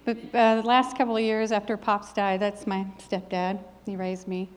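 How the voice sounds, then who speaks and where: A woman's voice: medium pitch, little pitch movement, normal speed, clear, resonant tone. A middle-aged woman preaching a sermon with a personal testimony, in an earnest, emphatic preaching cadence. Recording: long hall reverb.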